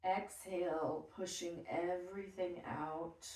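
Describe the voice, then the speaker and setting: A woman guiding a yoga class with slow, soothing breath cues. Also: on the low side, fairly even intonation, darkish tone, far from the mic. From Texas. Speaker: yoga teacher. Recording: roomy sound from off the mic.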